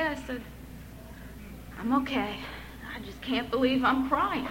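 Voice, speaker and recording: A woman's voice: high-pitched, moderate pace, sharp tone, slight background noise, rough recording. A woman in her thirties giving an earnest, emotional personal testimony, with touches of wry humor. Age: 30s. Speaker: speaker sharing her recovery story.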